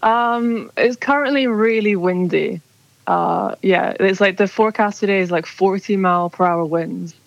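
Calling a radio show, this woman speaks at medium pitch, a bit slowly, with a creaky quality and no echo. Her talk is relaxed and meandering, full of fillers, carried over a dull, dry phone line.

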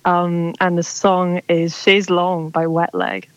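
A woman's voice: fairly low pitch, flat delivery, takes it slowly, no echo. Young woman rambling on a phone line. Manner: rambling, lots of "like". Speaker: caller. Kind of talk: casual phone chat. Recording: dull dry phone line.

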